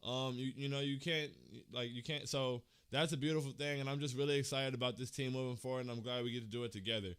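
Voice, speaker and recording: A man's voice: medium pitch, steady tone, fast talker, few pauses, fairly bright tone, clear, resonant tone. A young man hosting a fan livestream, talking casually in slang and holding back tears, repeating himself as he thanks his viewers. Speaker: fan channel host.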